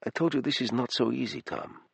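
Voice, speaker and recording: A male narrator puts on a fond, teasing woman in her thirties with a light Eastern European accent. She talks bluntly, dropping small words. The voice is husky and close, with no room sound, as in a storybook audiobook. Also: medium pitch, a little fast, fairly bright tone, no room sound, heavily acted. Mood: tense. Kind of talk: audiobook character voice.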